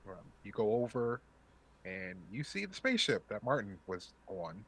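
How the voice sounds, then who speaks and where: A man's voice: lowish voice, big pitch swings, normal speed, fairly bright tone, husky. A man narrating a tabletop game as game master, casual and full of fillers.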